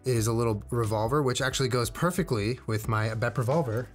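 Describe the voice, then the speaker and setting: A man's voice: mid-range voice, fast, soft background music. A young man casually chatting in a vlog, rambling with jokey, self-deprecating asides as he shows off his jewelry. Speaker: streamer showing his jewelry. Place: indoors at home, on camera.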